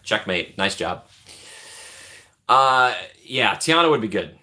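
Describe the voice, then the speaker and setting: Guy on a live stream rambling w/ chat, kinda low but bright, sharp tone, jokey. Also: animated, takes it slowly. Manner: rambling, thinks out loud, jokey.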